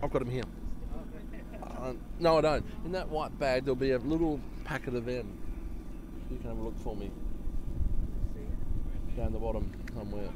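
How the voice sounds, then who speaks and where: A man's voice: medium pitch, steady tone, normal speed, pauses often, background noise. A man giving casual live cricket commentary, chatty and joking and often laughing.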